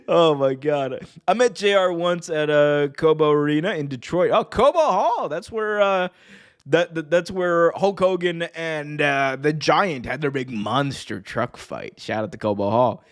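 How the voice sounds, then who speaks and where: A man hosting a wrestling podcast in casual chat, excited and laughing, stumbling over restarts and shouting out commentators' famous lines. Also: fairly high pitch, a little slow.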